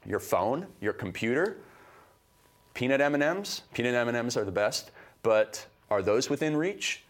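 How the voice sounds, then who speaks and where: On a motivational podcast, a co-host from Canada hands out advice, sounding forceful and full of energy.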